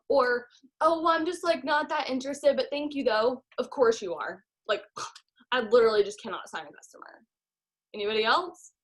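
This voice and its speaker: A young woman who leads a sales team, giving an energetic, emphatic motivational talk on a live call. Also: on the high side, normal speed. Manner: energetic, emphatic, acts out her own past complaints. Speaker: team leader in direct sales.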